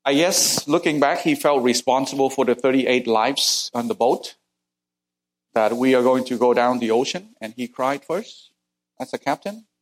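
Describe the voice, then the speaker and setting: A middle-aged man from Vietnam delivers a sermon built on personal testimony. He speaks at an average pitch with earnest, plain storytelling, and his voice rises sharply when the story turns tense. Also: moderate pace. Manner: earnest storytelling, voice climbing high at intense moments. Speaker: preacher.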